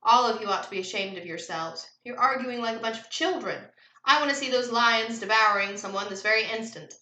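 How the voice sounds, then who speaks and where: Storybook villain: loud, commanding, cruel count, voiced by a woman reader. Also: fairly high pitch, fairly quick, echoey room, rough recording. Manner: roaring, commanding.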